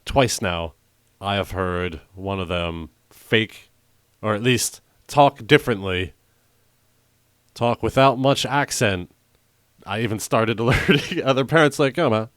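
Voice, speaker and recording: Low-voiced man in dry casual banter. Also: measured pace, no echo. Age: middle-aged. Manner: laughs often, teasing. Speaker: podcast co-host.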